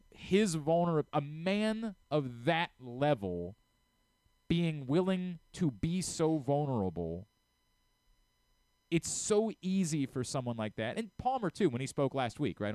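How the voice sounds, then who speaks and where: A man's voice: fairly high pitch, very animated, slow, darkish tone, clear, resonant tone, no room sound. Middle-aged guy doing sports talk radio, earnest and kinda emotional, stumbles and restarts a lot, dry close mic. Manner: earnest, openly emotional, frequent stammered restarts.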